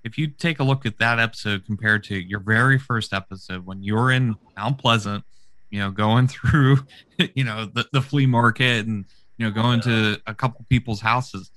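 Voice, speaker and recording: Low, bright-voiced male interviewer. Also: moderate pace. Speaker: interviewer, podcast host. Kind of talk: casual interview.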